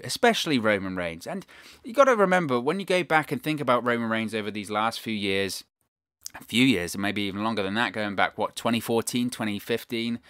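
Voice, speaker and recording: A man's voice: medium pitch, a bit bright, no room sound, studio quality. A British man hosting a wrestling news show, giving casual commentary in an enthusiastic manner and repeating phrases for emphasis.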